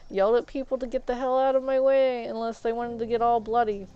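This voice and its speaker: A young woman with a fairly high, smooth voice chats on a live stream and tells a long personal story in a rambling, animated way. She keeps slipping into quoted exchanges as she talks. The sound is dull and lo-fi, like typical home stream audio. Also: fairly quick, few pauses. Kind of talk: casual storytelling while gaming.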